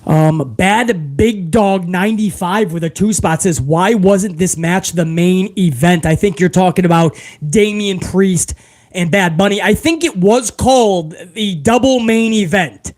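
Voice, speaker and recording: A man hosting a live review stream, reading out viewer questions and answering in a loose, profane, animated way. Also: high-pitched, a little slow. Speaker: host.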